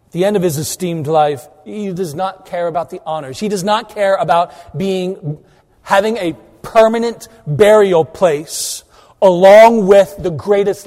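Animated high-voiced male preacher in a hall. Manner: animated preaching, swinging between loud emphasis and quiet asides. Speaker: pastor. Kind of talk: sermon.

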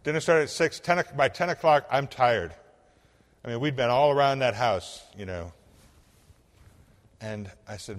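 A male pastor preaches in a hall with a long, ringing reverb. He tells a story with lively energy, acting out the dialogue, sometimes hushed and sometimes nearly shouting. His voice sits at a middle pitch for a man. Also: normal speed, long pauses. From Illinois. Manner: animated storyteller, acts out dialogue, swings from hushed to loud. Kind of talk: sermon storytelling.

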